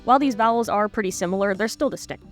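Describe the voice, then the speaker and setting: A woman's voice: mid-range voice, fast, soft background music. A woman narrating a scripted video essay in a wry, analytical manner.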